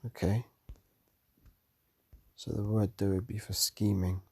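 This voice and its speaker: Tired man reading scripture in a husky voice. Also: on the low side, steady tone, a little mellow, no echo. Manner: reads verses aloud and comments slowly. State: tired, yawning late at night. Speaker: Bible teacher. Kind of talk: scripture study talk.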